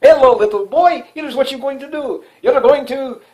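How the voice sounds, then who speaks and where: A sinister male recruiter, put on by a man, talks down to a child in a falsely friendly, condescending tone. The voice sits far above the man's natural pitch and carries a strange put-on accent. It is an amateur comic impression dropped into a spoken monologue. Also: moderate pace, dark tone. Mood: mock-friendly. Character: sinister male extremist recruiter coaching a boy.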